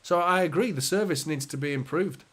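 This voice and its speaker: A man's voice: fairly high pitch, fairly quick, fairly bright tone. A man hosting a live match watchalong, chatting casually with viewers, bantering and swearing lightly. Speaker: fan channel host.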